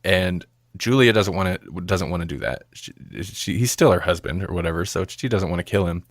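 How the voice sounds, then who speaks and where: Guy on a movie podcast, lowish voice, kinda rambly, laughs a lot, dry sound. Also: animated, brisk, no echo. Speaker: podcast co-host. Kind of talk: casual movie review chat.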